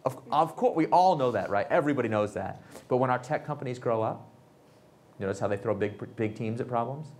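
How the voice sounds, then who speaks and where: Guy in his 30s at a fireside chat, talks fast, acts out quotes, bit of room hum. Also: mid-range voice. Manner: animated storyteller acting out quoted people. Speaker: author and entrepreneur, guest. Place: event space with audience.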